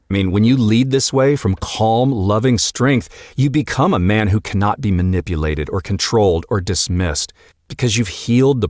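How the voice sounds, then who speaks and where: A man hosting his own podcast as a marriage coach, speaking earnestly and deliberately with emphatic pauses. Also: on the low side, darkish tone, no echo, studio quality. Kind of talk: solo podcast monologue.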